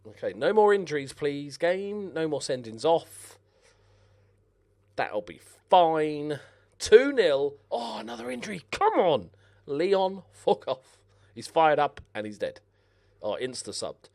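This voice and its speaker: A young man casually commentating as he plays a football management game, excitable, swearing and shouting at the players on screen. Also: fairly high pitch, a little slow, creaky. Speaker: gaming commentator. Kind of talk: casual let's-play commentary.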